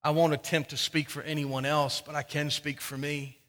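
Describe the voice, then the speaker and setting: A man's voice: fairly high pitch, level tone, moderate pace, fairly bright tone, long reverb tail. A man preaching a sermon as a pastor, emphatic and often repeating words as he builds.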